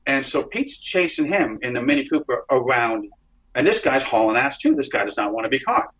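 A man, an interview guest, telling a dramatic story in a rambling, excited way with frequent restarts and swearing. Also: mid-range voice, fairly quick. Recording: dull lo-fi recording.

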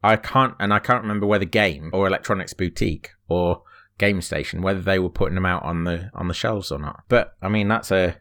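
A man's voice: deep voice, fairly quick, a bit bright. A man co-hosting a casual podcast chat, bantering and teasing his friend. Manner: bantering, teasing, laughs often. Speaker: podcast co-host.

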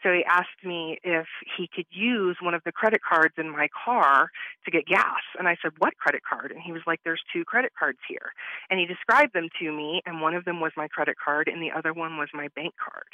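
A woman's voice: on the low side, brisk, bright, forceful tone, no room sound. A woman, an interview guest, retelling what happened to her in conversational storytelling, acting out the back-and-forth of quoted exchanges. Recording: muffled lo-fi line, dry.

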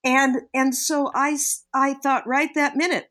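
A woman's voice: sits high, flat delivery, unhurried, few pauses, a bit bright. Older lady on a podcast telling parenting stories, thoughtful, does little voices for quotes. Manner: reflective storyteller, acts out quoted voices. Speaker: parenting guest. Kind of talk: podcast conversation.

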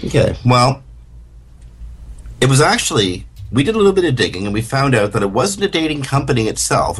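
A man co-hosting a radio talk show, chatting casually and often halting with fillers and repeats. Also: medium pitch, fairly bright tone, husky.

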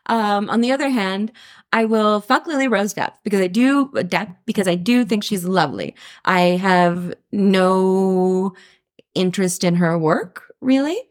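A woman's voice: medium pitch, animated, measured pace. Teasing, laughing woman co-host. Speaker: podcast co-host. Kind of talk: casual chat.

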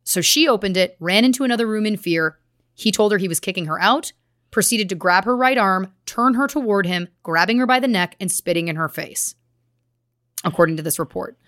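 A woman co-hosts a true crime podcast, walking through court records and reports with steady, grave emphasis. Her voice sits at a middle pitch. The recording is dry and close, with no room sound. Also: fairly quick, dry recording. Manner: earnest, reading case details with grave emphasis. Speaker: podcast co-host.

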